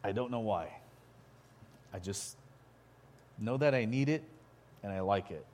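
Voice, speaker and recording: A man preaching a sermon in a halting way, full of restarts, building to loud emphatic peaks. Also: fairly low pitch, expressive, slight background noise.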